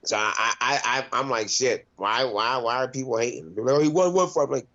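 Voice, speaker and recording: A man's voice: medium pitch, a little fast, pushed and bright, highs cut off. A man, a mixed martial arts fighter, chatting casually in an interview, loose and profane with lots of laughs and restarts. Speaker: MMA fighter, interview guest.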